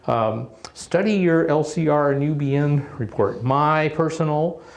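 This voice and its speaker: A man's voice: a little high, darkish tone. A middle-aged man giving a conference presentation, coaching listeners with emphatic advice and frequent "okay?" check-ins. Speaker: presenter at a radio contesting workshop.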